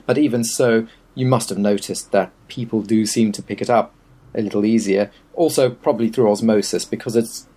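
A man with a fairly low voice talks casually and at length. He is opinionated and wry, and he wanders through his points. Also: fairly even intonation, moderate pace, mellow, husky. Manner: opinionated, wry, meandering explanations. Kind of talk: casual chat.

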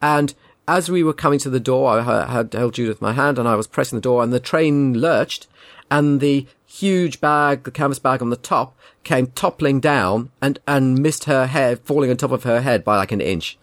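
A man's voice: mid-range voice, moderate pace, no echo, clean studio sound. Wry man telling a story. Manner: wry, indignant, rambling. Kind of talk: casual anecdote.

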